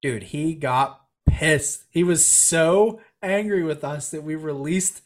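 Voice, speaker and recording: A man's voice: on the high side, takes it slowly. A man telling a long fishing story in casual chat, acting out the people in it. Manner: animated storyteller, acts out quoted voices. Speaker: podcast guest telling a story.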